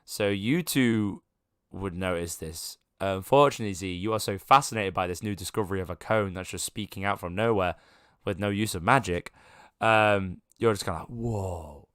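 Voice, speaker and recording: Game master man, low voice, dry close sound, rambly with lots of ums. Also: normal speed, a bit bright, smooth, no room sound. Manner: rambling, full of ums and restarts. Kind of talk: narrating a tabletop game.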